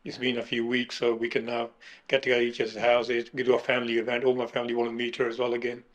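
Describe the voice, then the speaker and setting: A middle-aged man recounting his kidney transplant in an emotional interview, halting and restarting as he speaks. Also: mid-range voice, completely flat delivery, a bit bright. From United Kingdom. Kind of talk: emotional personal account.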